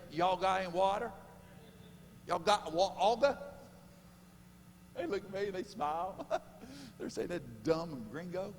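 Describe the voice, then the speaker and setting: A man delivers a sermon in a church, with a voice pitched a little above the usual. He jokes, laughs at his own stories and quizzes the crowd. The sound rings with long hall reverb over a faint hum. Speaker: preacher. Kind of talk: sermon at a men's conference. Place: church sanctuary.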